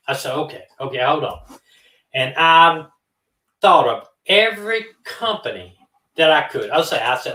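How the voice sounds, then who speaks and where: A man's voice: on the high side, moderate pace, recorded from a distance. A man telling a casual story, acting out both sides of a phone call. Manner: animated, acts out both sides of phone calls. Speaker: co-host of a true-crime live stream. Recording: roomy, from off the mic.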